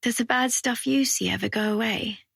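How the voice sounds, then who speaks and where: A woman narrator gives a young female student a lifted, friendly voice for an audiobook thriller. The tone is a little brighter than the narration, with a gravelly, husky edge and a dry, close sound. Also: fairly high pitch, moderate pace, no echo, exaggerated voice. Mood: troubled.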